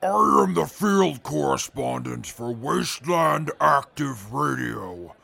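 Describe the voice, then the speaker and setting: A man voicing a pompous male mutant field reporter who calls himself a genius, speaking stiffly and formally in a gravelly, raspy voice. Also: medium pitch, lively intonation, slow, sharp tone, exaggerated voice. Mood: haughty. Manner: stiff formal speech, barked questions. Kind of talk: audio drama acting.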